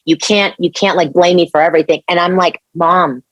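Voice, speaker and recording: A young adult woman from Mexico, a podcast guest telling a personal story in an earnest, animated way, with many restarts. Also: lowish voice, fast talker, dry recording.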